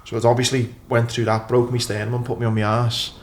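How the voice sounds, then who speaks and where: A man hosting a podcast, relaxed and swearing freely as he chats. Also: medium pitch, fast talker, slight background noise. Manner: relaxed and sweary, calls people "mate". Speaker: podcast host. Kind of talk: casual chat.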